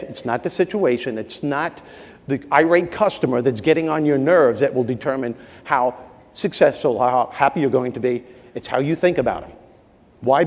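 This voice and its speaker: This man's voice is mid-range and slightly mellow as he delivers a funny motivational keynote from a stage. He addresses an audience in a big hall with punch and emphasis, and the sound reverberates around the space.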